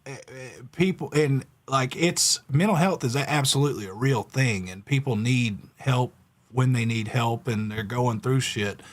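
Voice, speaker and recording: A man's voice: mid-range voice, normal speed. A man hosting a call-in talk show, ranting in a fired-up way with casual profanity. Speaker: host.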